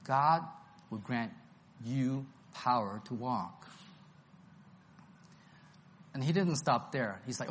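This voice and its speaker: A man's voice: medium pitch, animated, slow, long pauses, slight background noise. A man preaching an expository Bible-study sermon, emphatic and enthusiastic, repeating his key phrases.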